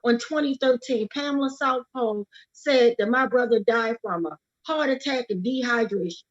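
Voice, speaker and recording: At a livestreamed rally, a woman activist gives an impassioned speech about her brother's death, repeating key words for force. Her voice is a little high and her pace moderate, and she sounds urgent and emphatic. The livestream audio is lo-fi.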